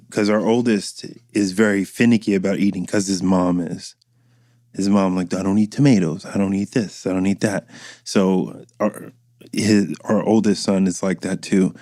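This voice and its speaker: Man, podcast host, casual profane chat, low warm voice, dry sound. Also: dry recording. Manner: profane, rambling, acts out quoted voices.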